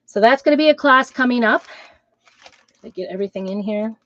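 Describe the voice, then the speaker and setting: A woman shows off fresh craft designs in a casual vlog, talking a little fast in a voice on the high side with a bit of brightness. She rambles with ums and asides, calls herself a trumpet player, and fusses over instrument details. The recording has no echo and sounds dry, dull and slightly lo-fi.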